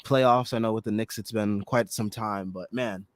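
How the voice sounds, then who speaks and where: A chatty man talks through a postgame basketball show with lots of fillers and bursts of excitement. His voice is a little hoarse from screaming, and he sounds close and dry, with no room around him. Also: lowish voice, moderate pace, no echo. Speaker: podcast host. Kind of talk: casual postgame basketball talk.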